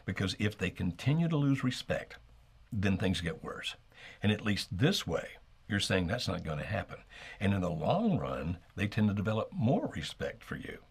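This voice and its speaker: A middle-aged man co-hosting an advice talk, speaking in a measured, steady way and modeling calm phrasing. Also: fairly low pitch, husky. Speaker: co-host giving relationship advice.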